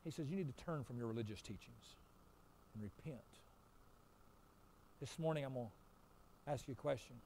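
A man preaching a sermon as pastor, swinging between loud emphatic repeated lines and quiet low asides. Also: normal speed, long pauses, slight background noise.

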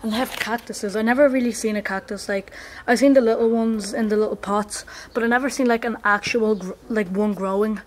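A young woman records a casual travel vlog as she walks outdoors, talking quickly and excitedly to the camera in her hand. Her voice sits a little high, and she keeps dropping in "like" and "guys". The camera audio is noisy and catches the outdoor wind. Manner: chatty, excitable, lots of "like" and "guys". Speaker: vlogger. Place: outdoors on a hot hillside and beach. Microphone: handheld camera.

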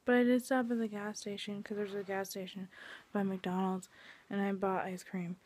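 A woman's voice: medium pitch, level tone, normal speed, darkish tone, slight background noise. A young woman vlogging at home late at night, venting her frustration, swearing and often dropping into a whisper. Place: at home indoors.

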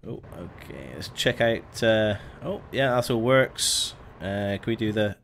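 This casual live-stream commentary comes from a young man playing a driving game, his lowish voice lively and fairly bright, his delivery a little slow. He greets viewers by name and walks through each step over a faint truck engine hum.

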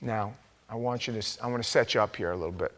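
A male pastor delivering a sermon in a church. He preaches with lively storytelling, dropping to a quiet, conversational tone and then bursting out loud when he acts out the people he quotes. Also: lowish voice, quick pace. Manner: animated storytelling, acting out quoted voices with sudden loud outbursts. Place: church sanctuary.

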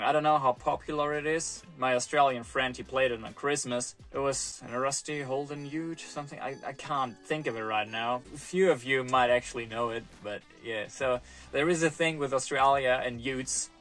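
Guy rambling to camera outside by a road, mid pitch, bit of music behind, voice drops off at the ends. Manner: chatty and self-deprecating, trailing off softly. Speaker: travel vlogger. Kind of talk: casual talk to camera. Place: outdoors by a road.

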